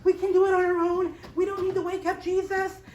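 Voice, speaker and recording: A group of fishermen who keep telling themselves they can manage, as a woman telling a children's Bible story puts them on. The voice is high and sounds echoing and distant. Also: little pitch movement, brisk, darkish tone, slight background noise. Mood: self-assured. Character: group of fishermen, confident then worried.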